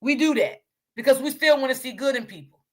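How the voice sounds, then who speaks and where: A woman's voice: high voice, animated, fairly quick. A woman, hosting a casual chat to her viewers, repeating herself and calling them y'all. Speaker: online channel host.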